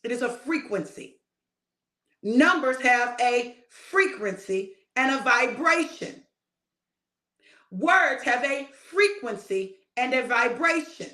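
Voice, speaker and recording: A woman's voice: sits high, animated, takes it slowly, bright, forceful tone, reverberant. A woman minister delivering a casual, emphatic spoken sermon, talking straight to her listeners. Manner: emphatic and conversational, addressing listeners directly. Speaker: prophetic minister.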